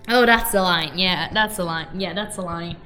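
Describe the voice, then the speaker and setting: A woman's voice: on the low side, normal speed, sharp tone, soft background music. A woman streaming a dating game, chatting casually and reacting in a giggly, flustered way. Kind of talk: casual game stream, reading dialogue aloud.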